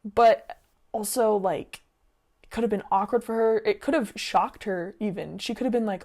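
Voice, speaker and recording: A woman's voice: medium pitch, fast talker. Chatty young woman reading and reacting. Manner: chatty and opinionated, with frequent "like" and "um"; easily sidetracked and expressive. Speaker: YouTuber reading and reacting to online stories. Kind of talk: casual reading and commentary.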